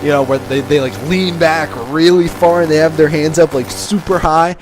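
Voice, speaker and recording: A man's voice: a little high, fairly even intonation, moderate pace, noisy background. A young man telling a casual, profane story to camera, with a swaggering manner and plenty of fillers and restarts. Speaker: vlogger telling a life story.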